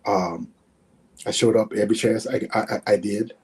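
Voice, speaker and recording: A man in his sixties, a former football player and guest, telling stories in a lively way and often repeating words. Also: on the low side, moderate pace. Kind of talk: animated storytelling.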